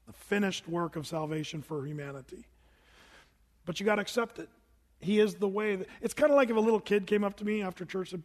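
A man's voice: high voice, brisk, in a large hall. A pastor preaching a sermon to his congregation in a church, earnest and emphatic, often repeating himself for weight. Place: church sanctuary.

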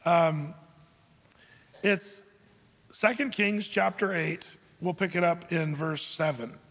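A man's voice: a little high, slow, fairly bright tone, in a large hall. A man preaching a verse-by-verse sermon in a conversational manner with joking asides. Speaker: pastor.

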